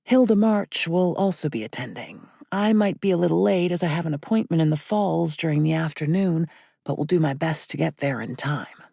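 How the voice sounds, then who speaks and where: Kindly older priest, voiced by a woman, soft and encouraging, low pitch with some gravel. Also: animated, brisk, dry recording, studio quality, exaggerated voice. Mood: reassuring.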